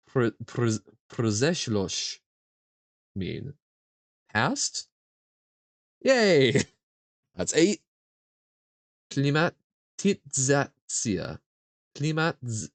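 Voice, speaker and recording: A man streaming a live quiz, thinking aloud and haltingly sounding out foreign words as he guesses. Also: mid-range voice, no echo.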